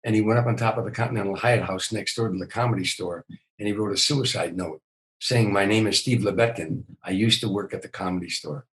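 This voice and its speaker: A man's voice: on the low side, fairly quick, low-quality recording. An older man, a comedian, telling stories in a podcast interview, often repeating words as he starts a sentence. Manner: animated storyteller, repeats words when starting. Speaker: comedian guest.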